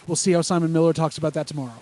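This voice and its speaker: A man's voice: a little high, level tone, racing, darkish tone. A man co-hosting a podcast, chatting casually and enthusiastically, rambling about what he likes. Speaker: podcast co-host. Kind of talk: casual chat reacting to wrestling.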